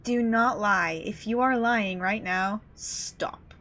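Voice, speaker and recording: A woman's voice: mid-range voice, fairly even intonation, measured pace, sharp tone. A young woman streaming a game from home, chatting casually, giggling and swearing freely as she plays. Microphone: desk mic.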